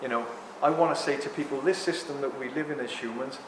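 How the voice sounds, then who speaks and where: A man in his sixties talking to a live audience in a rambling, animated way, often apologizing for ranting. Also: medium pitch, quick pace, noisy background. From England. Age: 60s. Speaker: speaker at a talk. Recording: echoey hall with long reverb.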